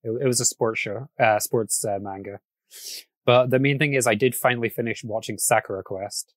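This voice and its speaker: A man's voice: mid-range voice, steady tone, moderate pace, no room sound. Chatty man hosting a podcast, dry sound. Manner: chatty, laughs often, frequent restarts. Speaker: podcast host. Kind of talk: casual podcast chat.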